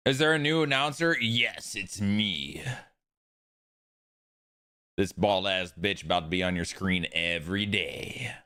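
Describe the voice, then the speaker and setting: A man's voice: low voice, expressive, unhurried, long pauses, sharp tone, clean tone. A man live streaming a video game, chatting with his viewers in a casual, joking way and swearing freely. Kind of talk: live stream chat while gaming.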